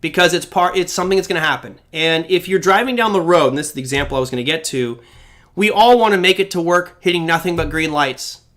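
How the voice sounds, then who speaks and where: A man's voice: fairly high pitch, fast talker, fairly bright tone. A man in his forties hosting a live trading show, answering chat questions bluntly and acting out quoted reactions.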